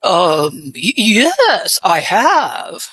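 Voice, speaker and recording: A woman speaking in a put-on English accent with a deep-pitched voice whose pitch swoops widely. She talks slowly and hesitantly, trailing off into fillers as a mystery guest on a radio guessing game, in a dry, close recording. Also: big pitch swings, a bit bright, husky, dry recording. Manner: hesitant, halting with many fillers.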